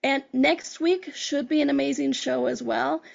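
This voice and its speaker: A woman's voice: sits high, unhurried, gravelly, muffled recording. A woman hosting a podcast, giving an earnest, encouraging motivational talk as a life coach and acting out her chats with clients. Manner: earnest, encouraging, quotes herself and clients in conversation.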